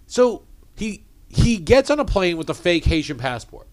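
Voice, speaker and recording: A man chats casually as a podcast co-host, his voice pitched a little above the usual. He tells stories in an animated way, restarting his sentences as he goes. He speaks in an easy, unscripted manner. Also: normal speed. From New England. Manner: animated storyteller, rambling restarts. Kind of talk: casual chat.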